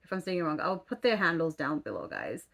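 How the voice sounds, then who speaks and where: A woman's voice: deep voice, huge pitch swings, quick pace, creaky, fairly bright tone. A woman in her thirties telling a story in casual chat as a vlogger, exasperated, swearing casually and full of fillers. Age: 30s.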